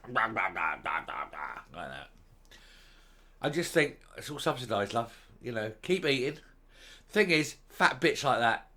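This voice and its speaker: Man, middle-aged, angry vlog rant, mocking and insulting, bright cutting voice. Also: medium pitch. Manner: furious, insulting and mocking, loud outbursts. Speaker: political commentary vlogger. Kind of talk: angry ranting commentary.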